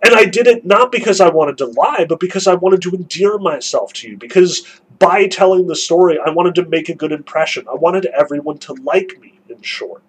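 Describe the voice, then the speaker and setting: A man's voice: high-pitched, brisk, slightly rough, rough recording. A man reading as a rambling old buffoon father. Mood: breezy. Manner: rambling, theatrical, mock-confessional. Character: blustering old clown of a father, mock-pious. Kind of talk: reading aloud from a novel.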